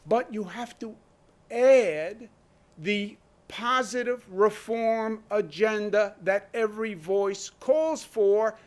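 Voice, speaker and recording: A man speaking as a governor at a press briefing, emphatic and deliberate, firing off rhetorical questions and pausing to drive his points home. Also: sits high.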